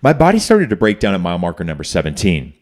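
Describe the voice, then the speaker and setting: A man hosting a podcast, telling a personal story in an emphatic, animated way and acting out the people he quotes. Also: low-pitched, fast talker. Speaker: podcast host. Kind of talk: conversational storytelling.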